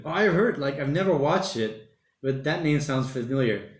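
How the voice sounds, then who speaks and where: A man hosts a relaxed livestream from his home and chats through viewer comments in a loose, rambling way, tossing in mate and bloody now and then. His voice sits at an ordinary middle pitch. The room around him is echoey. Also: moderate pace. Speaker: livestream host. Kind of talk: casual livestream chat reading comments. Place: home during lockdown.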